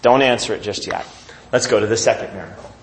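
A man's voice: lowish voice, quick pace, a little hiss or hum. A man preaching as pastor, reading scripture aloud and putting questions to his congregation. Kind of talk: sermon.

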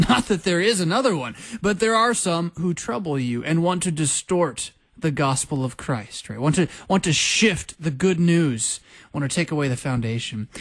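Guy teaching bible study, kinda high voice, really fired up and emphatic. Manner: passionate, emphatic, with quick laughs. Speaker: pastor.

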